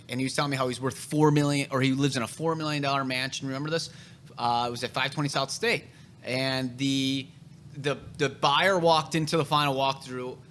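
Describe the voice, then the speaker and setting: Blunt, bright-voiced man telling stories. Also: mid-range voice, a little hiss or hum. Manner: blunt, profane storytelling. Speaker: real estate broker and podcast host. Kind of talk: casual podcast chat.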